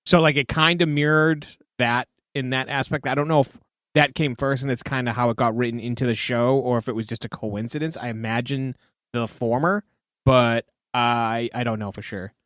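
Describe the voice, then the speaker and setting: A man's voice: medium pitch, fairly even intonation, moderate pace, fairly bright tone, no room sound, studio quality. A man on a podcast offering thoughtful asides and admitting what he is unsure of. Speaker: podcast co-host. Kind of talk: casual chat.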